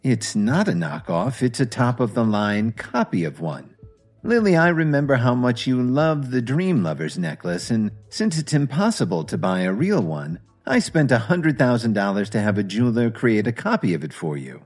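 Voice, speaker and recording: A man voicing a calm, quietly confident husband who speaks evenly. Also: medium pitch, faint music behind. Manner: calm, measured.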